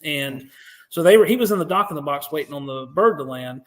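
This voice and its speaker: American male guest, slightly high voice, animated, swears freely, acts out what others said. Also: a little fast. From United States. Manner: profane, animated, acts out quotes. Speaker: podcast guest, veteran. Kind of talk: interview storytelling.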